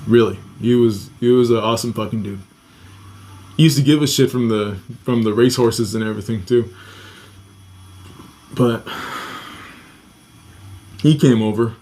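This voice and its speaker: A man's voice: mid-range voice, steady tone, normal speed, long pauses, a little mellow. A man casually telling a personal story on a podcast, swearing often and acting out the voices of the people in it. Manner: profane, restless, acts out quoted voices.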